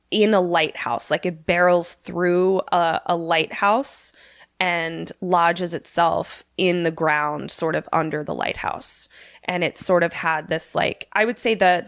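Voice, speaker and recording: A woman's voice: on the low side, a bit bright, no room sound, studio quality. A woman podcast co-host casually recapping a movie plot, chatty and full of filler words, swearing now and then.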